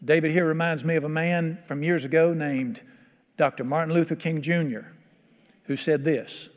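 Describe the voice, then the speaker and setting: A man's voice: on the high side, fairly even intonation, moderate pace, in a large hall. A man preaching a sermon to a congregation, conversational and often quizzing his listeners. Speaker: pastor.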